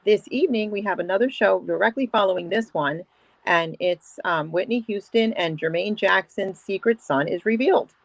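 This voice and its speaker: A woman hosting an interview show, asking questions in a drawn-out way with fillers. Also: medium pitch, gravelly, dry recording. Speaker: show host. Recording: dry, dull lo-fi audio.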